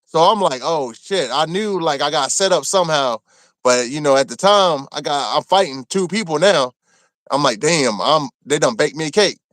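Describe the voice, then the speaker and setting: A man from Maryland telling a rough story from his time in prison, cursing freely and acting out what people said. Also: fairly high pitch, normal speed, no room sound. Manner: animated, profane, acts out quotes. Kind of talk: casual storytelling.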